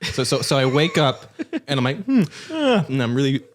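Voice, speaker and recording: Lively, playful man telling a goofy story. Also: medium pitch, brisk, a little hiss or hum. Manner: playful, laughs often, jumps into goofy put-on voices. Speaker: podcast guest. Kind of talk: casual podcast chat, improvised storytelling.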